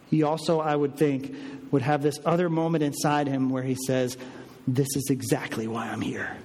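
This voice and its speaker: Guy preaching a sermon, kinda high voice, big reverby hall, gets loud then drops way down. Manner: emphatic preaching, rising for stress, dropping low for weight. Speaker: pastor.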